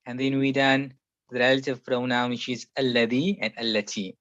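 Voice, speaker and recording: A man's voice: medium pitch, flat delivery, brisk, a bit bright, no echo. Patient male Arabic teacher, dry sound. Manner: explains patiently, repeats each example several times. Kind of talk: classroom grammar lesson. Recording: muffled, slightly lo-fi sound.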